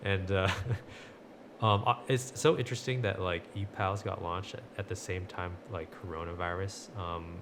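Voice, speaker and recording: A man's voice: deep voice, steady tone, measured pace, background noise. A man co-hosting a podcast, asking questions hesitantly with many fillers. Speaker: podcast co-host. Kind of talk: casual interview questions.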